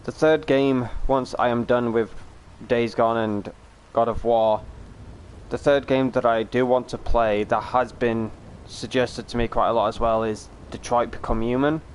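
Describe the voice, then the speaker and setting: A man's voice: medium pitch, fairly even intonation, measured pace, a little hiss or hum. A man streaming a game, chatting casually with viewers in a rambling way, full of fillers and restarts. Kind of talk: casual live-stream chat while gaming.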